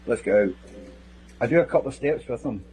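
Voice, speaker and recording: A man's voice: medium pitch, rapid-fire, dark tone, rough recording. A middle-aged man testifies as a witness from the security team. He speaks in a blunt, plain-spoken and vivid way, with a mid-range voice and a faint hum behind him. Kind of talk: recounting events in sworn testimony.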